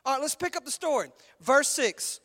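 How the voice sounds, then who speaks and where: A man with a Texan accent preaching a conversational, animated sermon in a large church auditorium, acting out voices as he goes. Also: extremely high pitch, moderate pace. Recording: long hall reverb.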